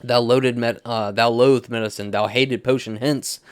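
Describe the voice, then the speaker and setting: A man's voice: medium pitch, fairly even intonation, normal speed, clean tone, no room sound, close to an everyday voice. A man reading as a scornful young lover. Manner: loud stumbling dramatic reading.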